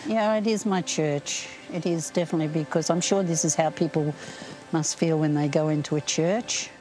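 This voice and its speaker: An older woman talking casually and warmly outdoors in a forest, gentle, heartfelt and enthusiastic. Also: deep voice, steady tone, normal speed, faint music behind, low-quality recording. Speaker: interviewee. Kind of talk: casual conversation.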